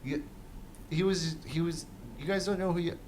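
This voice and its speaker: A man's voice: a little high, steady tone, normal speed, darkish tone. Man, podcast co-host, wry and teasing, casual chat, background noise.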